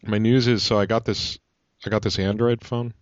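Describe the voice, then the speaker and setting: A man co-hosting a casual podcast, excitable and stammering with repeats. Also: lowish voice, moderate pace, dry recording, highs cut off. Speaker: podcast co-host.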